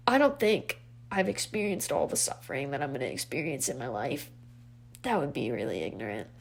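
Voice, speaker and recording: A woman's voice: mid-range voice, gravelly, a little mellow. A woman in her twenties talking in an emotional, rambling confessional vlog, tearful and full of fillers. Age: 20s. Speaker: vlogger.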